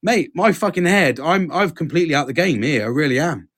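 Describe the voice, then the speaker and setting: A man hosting a podcast, talking earnestly in a halting, casual way and swearing freely. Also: a little high, expressive, fairly bright tone. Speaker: podcast host. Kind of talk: casual chat.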